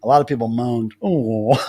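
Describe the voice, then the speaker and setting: A man's voice: on the high side, lively intonation, fairly quick, a little mellow. Rambling, chatty male stream host. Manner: rambling storytelling with many restarts. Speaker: livestream host. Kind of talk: casual live-stream chat.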